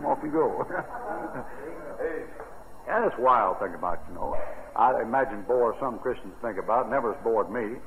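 A man's voice: mid-range voice, animated, normal speed, long pauses, a bit bright, slight background noise. An older American man preaching a sermon on Bible verses in a folksy, rambling way. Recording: tinny old radio broadcast with long reverb.

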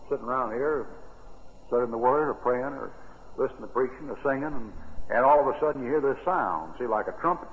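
An older American man preaching a sermon on Bible verses in a folksy, rambling way. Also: mid-range voice. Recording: tinny old radio broadcast with long reverb.

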